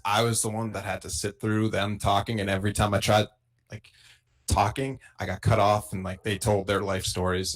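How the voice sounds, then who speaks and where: A man co-hosting a casual live podcast, relaxed and chatty. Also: on the low side. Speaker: podcast co-host. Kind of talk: casual chat.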